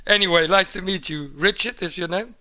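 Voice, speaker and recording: Male streamer, high-pitched, halting and repetitive, casual chat. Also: bright, forceful tone. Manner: halting, repeats words, says man a lot.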